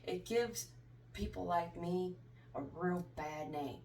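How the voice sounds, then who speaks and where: A woman's voice: lowish voice, slow pace, a little mellow, far from the mic. A woman tarot reader talks in a blunt, preachy way, scolding her listeners and swearing freely. Her voice comes from a little away from the mic, with faint noise behind it. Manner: angry, confrontational, preachy, swearing. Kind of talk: tarot reading vlog.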